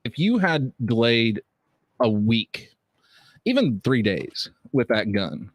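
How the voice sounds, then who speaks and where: A man's voice: mid-range voice, very animated, slow, no room sound. A man who is a guest on a casual podcast, chatting easily and pushing back earnestly on the host. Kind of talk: casual chat.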